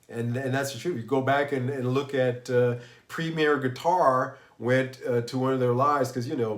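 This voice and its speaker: A man hosts a casual music livestream, his medium-pitched voice sounding roomy. He rambles and restarts often, and he comes across as unwell and tired.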